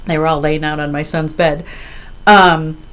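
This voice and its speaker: A woman's voice: low voice, little pitch movement, unhurried. A woman in her fifties, chatting casually to camera about her cross-stitch, rambling and often apologizing as she goes.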